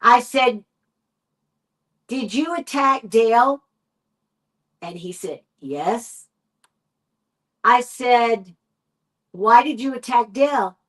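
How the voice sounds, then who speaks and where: A woman with a Texan accent, a paranormal investigator, telling a story in a podcast interview and acting out the quoted dialogue in an animated way. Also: a little high, extremely slow, long pauses, low-quality recording. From United States.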